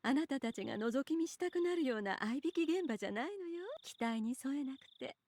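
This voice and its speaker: Calm polite lady in a game, high voice, kinda teasing. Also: very fast, no room sound. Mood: amused. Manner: soft, polite, amused. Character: composed, teasing adult woman.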